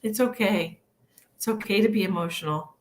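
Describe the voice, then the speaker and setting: A woman's voice: mid-range voice, normal speed. A woman psychic medium giving an emotional, earnest live-streamed reading, soothing and rambling with many fillers. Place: home livestream.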